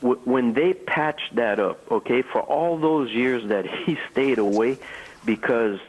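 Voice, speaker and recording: An older man recounts old stories in a relaxed interview, often stumbling and repeating words as he goes. His voice sits at an ordinary pitch and comes through slightly dull, lo-fi broadcast audio. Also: measured pace. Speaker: former ballplayer guest. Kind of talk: storytelling interview.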